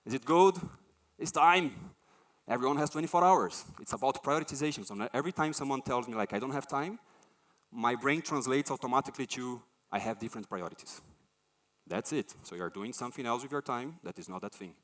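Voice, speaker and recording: Conference speaker: a man, animated, acts out voices in his anecdotes. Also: mid-range voice, a little fast. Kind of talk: conference talk.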